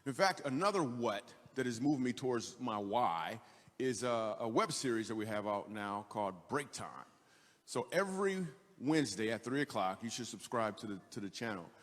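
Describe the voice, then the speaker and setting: A man of middle pitch talking casually, with loose fillers here and there. His voice carries a long hall reverb, as in a video clip recorded in a large space. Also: animated, moderate pace. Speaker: stand-up comedian. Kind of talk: casual speech in a played video.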